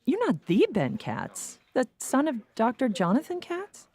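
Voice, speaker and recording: A woman's voice: sits high, wildly swooping pitch, measured pace, mellow, breathy edge, heavily acted. A woman voicing a friendly, chatty bartender in a cartoon.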